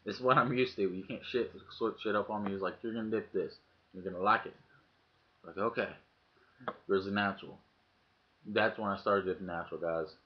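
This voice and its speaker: Man, low voice, casual profane storytelling, dull webcam sound. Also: fairly even intonation, brisk, long pauses. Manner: profane, acts out quoted lines in the story. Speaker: vlogger. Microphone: webcam mic.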